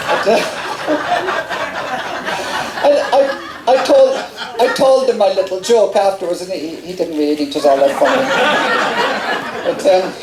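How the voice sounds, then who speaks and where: A man's voice: sits high, unhurried, pauses often, roomy sound, heavy background noise. A middle-aged Irish man talking onstage at a festival, chatty and laughing along at his own family stories between songs. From Ireland. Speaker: folk singer and storyteller. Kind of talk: onstage storytelling with song. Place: outdoor festival stage.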